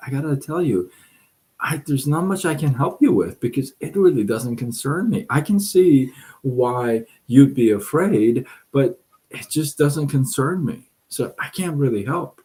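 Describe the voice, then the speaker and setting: A man's voice: medium pitch, animated, unhurried, darkish tone, pitched above the performer's own voice, close to an everyday voice. A man voicing an indifferent farm chicken who shrugs off a problem that is not its own. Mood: dismissive.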